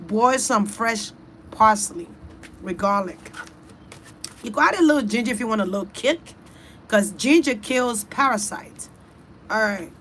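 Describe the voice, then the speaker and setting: Speaking unhurriedly in a slightly high, expressive, somewhat bright voice, she pauses often, with slight background noise behind her. She's an online reader and host running a loose, profane, chatty session aimed right at her audience.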